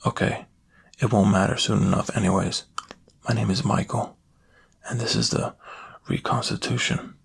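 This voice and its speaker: A man's voice: lowish voice, fairly even intonation, normal speed, vocal fry, pauses often, slight background noise. A man voicing a frantic older male scientist with a Scottish accent in a whispered role-play, brusque and then lecturing. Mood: explaining.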